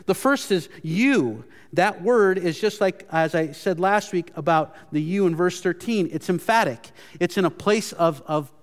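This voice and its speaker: A man preaching a sermon as pastor, earnest and emphatic, often restarting his phrases. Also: high-pitched. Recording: long hall reverb.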